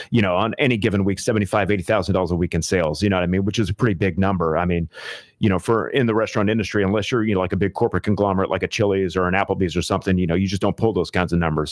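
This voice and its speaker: Chatty talk radio host, low voice, dry studio sound. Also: male voice, no echo. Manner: chatty, animated, many fillers. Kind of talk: casual storytelling on talk radio. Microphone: studio microphone.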